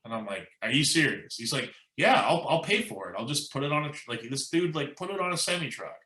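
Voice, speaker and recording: Quick-paced and medium-pitched, an American musician guest shares an animated story in a casual interview, full of quotes and "like" and "you know" fillers. The rough recording has a reverberant sound.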